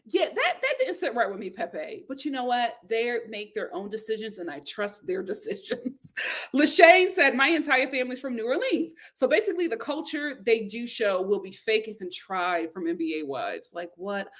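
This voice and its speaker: A woman hosting a casual live stream, reading viewer comments aloud, laughing often and breaking into loud exclamations. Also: on the high side, expressive, moderate pace.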